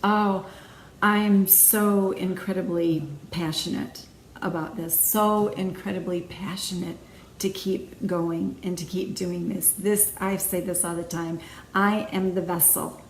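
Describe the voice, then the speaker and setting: A woman's voice: lowish voice, steady tone, measured pace. A woman hosting her own video, giving an earnest, emphatic faith talk with many repeated phrases. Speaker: video host. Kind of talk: encouraging faith talk to camera. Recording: echoey room, faint noise.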